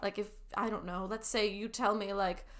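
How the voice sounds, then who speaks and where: Lively woman guest, improv person, laughs a lot, talks with big feeling. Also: medium pitch, normal speed. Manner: enthusiastic, expressive, laughs easily. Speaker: teaching assistant and improv performer. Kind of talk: casual interview chat.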